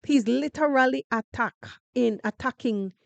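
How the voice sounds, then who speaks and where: A Jamaican woman hosting a casual live show, talking in an animated, emphatic way and circling back on her own phrases. Her voice sits a little high and the sound is dry and close, with hardly any room around it. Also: normal speed, gravelly, no echo, lo-fi sound. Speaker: podcast host.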